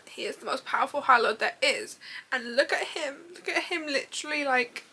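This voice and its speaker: A woman's voice: high voice, normal speed, pushed and bright. Giggly, gushing young woman. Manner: gushing, giggly, rambling and swearing. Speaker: book vlogger. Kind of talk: excited casual reading vlog chat.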